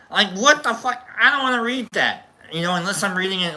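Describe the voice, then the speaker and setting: A man's voice: high-pitched, expressive, fast talker, few pauses, pushed and bright. A man hosting a casual chat show, rambling with lots of restarts and jokey asides. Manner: rambling, self-interrupting, jokey. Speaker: host.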